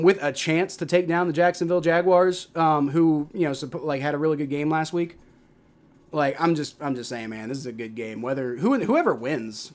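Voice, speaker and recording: A young man hosting a live football stream, mixing play-by-play calls with casual, profane replies to his chat, loud on big plays and mumbling in between. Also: a little high. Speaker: livestream host doing play-by-play.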